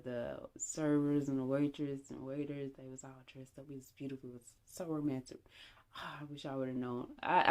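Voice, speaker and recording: A young woman vlogger telling a casual, animated story and acting out bits of dialogue. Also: very deep voice. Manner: animated, chatty, acts out dialogue.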